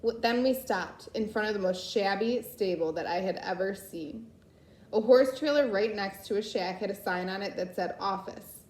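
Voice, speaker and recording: Female reader, storybook narration, steady and unhurried, roomy echoey recording. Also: medium pitch. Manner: unhurried reading with slips and self-corrections. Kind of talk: reading a children's novel aloud. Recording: echoey room.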